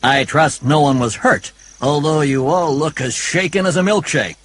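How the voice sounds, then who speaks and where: A man's voice: a little high, normal speed, a bit bright, a little hiss or hum, voice pushed up, close to an everyday voice. A man voicing a courteous young male pilot who talks politely with a light joking touch. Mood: friendly.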